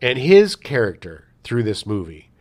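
A man co-hosting a podcast in casual chat, emphatic and quick to act out scenes. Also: medium pitch. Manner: animated, emphatic, acts out scenes. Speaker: podcast co-host.

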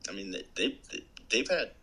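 Husky, bright-voiced middle-aged man. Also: on the low side, animated, normal speed, poor audio. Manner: blunt, profane, dry humor. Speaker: guest, army tank veteran. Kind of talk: casual chat.

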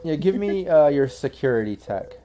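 A man narrating as game master in a tabletop role-playing game, rambling and filling pauses with "um" and "like" as he describes scenes. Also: fairly high pitch, very animated, warm tone, a little hiss or hum. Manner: rambling, full of fillers and restarts.

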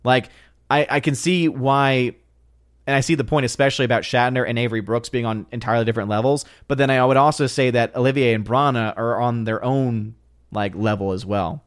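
A man's voice: mid-range voice, brisk, no room sound, studio quality. Chatty man hosting a live stream. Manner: chatty, thinks aloud with restarts and small laughs. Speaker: live stream host reading chat. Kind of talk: casual live stream chat.

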